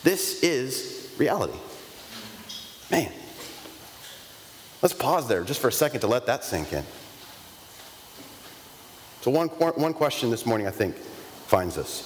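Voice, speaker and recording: A man's voice: medium pitch, a little hiss or hum. A man in his thirties preaching a sermon in a conversational, emphatic way, asking the congregation rhetorical questions from the pulpit of a church. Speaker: pastor. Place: church sanctuary. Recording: long reverb of a large hall, faint ambience.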